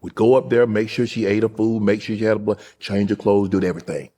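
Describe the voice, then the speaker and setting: A man hosting an interview, telling a heartfelt personal story slowly and quietly. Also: lowish voice, steady tone. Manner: slow, heartfelt storytelling, dropping soft at emotional points. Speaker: host. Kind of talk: casual interview talk.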